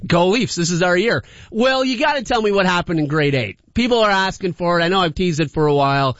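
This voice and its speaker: A male radio host talks in a loose, rambling way with a high voice, laughing now and then. The sound is dry and a bit dull, like a broadcast. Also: animated, fairly quick, a bit bright, no echo. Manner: chatty and rambling, laughs often. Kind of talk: casual call-in radio chat.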